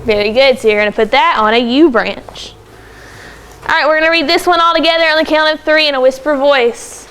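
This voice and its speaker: High-voiced woman teaching a class. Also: a bit bright, a little hiss or hum. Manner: encouraging, brisk, calls on pupils by name. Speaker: second grade teacher. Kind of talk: classroom phonics lesson. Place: classroom with children.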